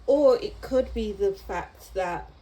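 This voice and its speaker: A woman's voice: medium pitch, slow pace, warm tone, rough recording. A woman giving a casual tarot reading to camera, chatty and meandering, with small laughs as she goes. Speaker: tarot reader.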